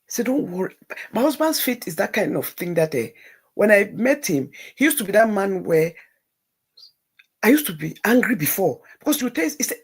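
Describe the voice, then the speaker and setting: Middle-aged woman host, husky gravelly voice, confessional storytelling with hushed and emotional swings. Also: medium pitch, very animated, normal speed. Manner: shifts between hushed near-whispers and tearful outbursts. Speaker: livestream host.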